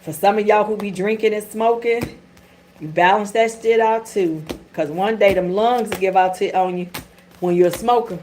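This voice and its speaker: A woman's voice: mid-range voice, normal speed, a little mellow, a little hiss or hum. A middle-aged woman hosting a tarot channel, chatting candidly and casually with her viewers, with frank swearing and everyday slang. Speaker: tarot reader and channel host. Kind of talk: casual livestream chat.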